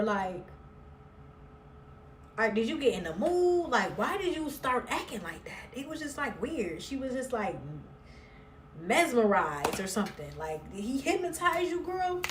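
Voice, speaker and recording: Sassy woman recapping a reality show, kinda high voice, echoey room, a bit far from the mic. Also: a little hiss or hum. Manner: chatty, blunt and sassy, swears freely. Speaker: recap vlogger. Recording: roomy echo, somewhat far from mic.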